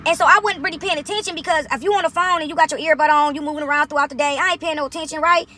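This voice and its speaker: A woman telling a long casual story to her viewers, chatty and animated, tossing in "right?" after almost every point. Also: high-pitched, rapid-fire. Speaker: vlogger.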